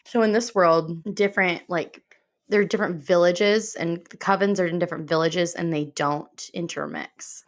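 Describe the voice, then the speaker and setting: Relaxed woman reading a book blurb. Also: fairly low pitch, brisk. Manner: relaxed, conversational, reads aloud then explains. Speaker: podcast co-host.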